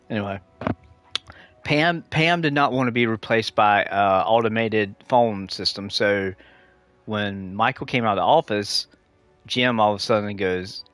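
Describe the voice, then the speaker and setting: A man's voice: fairly low pitch, a bit bright, no echo. A man streaming a game, chatting casually and rambling off on tangents, laughing at his own stories. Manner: rambling, easily sidetracked storytelling. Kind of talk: casual live-stream chat.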